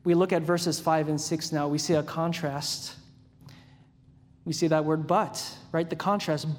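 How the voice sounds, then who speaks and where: A man with a rather high voice, preaching a sermon. He talks in a casual, conversational way and asks the congregation questions. His voice rings with the long reverb of a church hall. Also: fairly even intonation, unhurried. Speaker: pastor.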